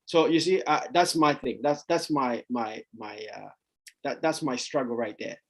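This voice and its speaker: A man coaching on sales in a casual Q and A over a video call, rambling and repeating himself, now and then acting out parents yelling no in a much higher voice. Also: normal speed, rough recording. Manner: rambling, repeats words, stumbles; acts out parents yelling no, voice jumping high. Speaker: sales coach answering questions. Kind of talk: casual Q and A session.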